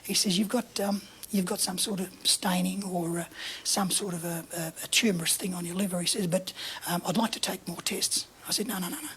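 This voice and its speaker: An Australian man telling a story in a casual interview, acting out the dialogue in an animated way, his voice often breathy and half-whispered. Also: high-pitched, brisk, hardly any pauses, a little hiss or hum. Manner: animated anecdotal, acts out dialogue. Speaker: interview guest.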